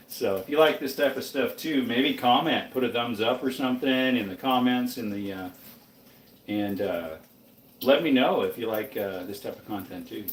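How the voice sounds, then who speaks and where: A man's voice: mid-range voice, normal speed, a little hiss or hum. A man chatting casually on a live stream while he cooks, sleepy and rambling as he talks to his viewers. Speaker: live streamer cooking breakfast. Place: home kitchen, indoors. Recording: roomy kitchen, mic off at a distance.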